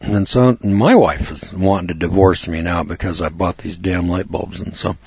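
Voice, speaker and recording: A man's voice: sits low, fairly even intonation, normal speed, creaky, darkish tone, husky, no room sound, lo-fi sound. A man telling a rambling, folksy anecdote, often repeating words and restarting his sentences. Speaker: storyteller.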